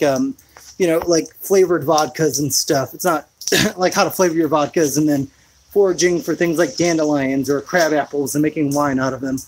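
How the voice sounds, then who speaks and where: A man's voice: on the high side, darkish tone, a little hiss or hum, rough recording. A man rambling through a laid-back live chat outdoors in his rainy backyard, full of fillers. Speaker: homesteading vlogger.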